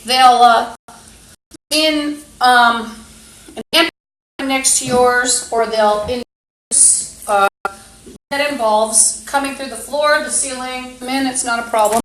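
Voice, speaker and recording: Slow, halting woman on a phone stream. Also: high-pitched, steady tone, fairly bright tone, a little hiss or hum, rough recording. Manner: halting, with many fillers and trailing-off phrases; angry, insulting outbursts. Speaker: live-stream host. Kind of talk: rambling live-stream monologue. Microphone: phone camera.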